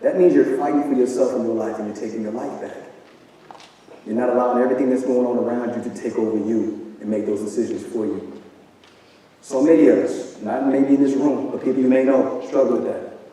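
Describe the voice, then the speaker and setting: Man, motivational speaker, preachy, rhetorical questions, mellow tone, distant, very echoey hall. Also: mid-range voice, fairly quick. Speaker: event speaker. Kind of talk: motivational talk. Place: large hall with live audience.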